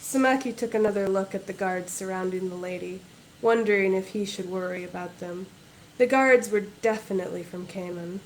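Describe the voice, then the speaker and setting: A woman's voice: mid-range voice, a little fast, slight background noise, poor audio. Woman author reading her novel.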